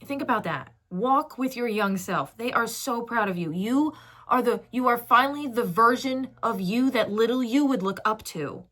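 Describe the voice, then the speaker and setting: A young woman reading oracle cards, speaking softly and affectionately to the viewer with emotional encouragement. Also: a little high, lively intonation, normal speed. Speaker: tarot reader. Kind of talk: channeled oracle message to viewer.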